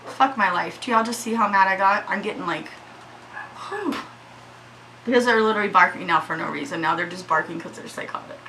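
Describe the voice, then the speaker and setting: A woman's voice: medium pitch, fairly quick, slight background noise, poor audio. A woman chatting casually through a makeup tutorial at home, shaky and anxious, swearing freely. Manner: chatty, swears freely, yells at her dogs. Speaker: beauty vlogger.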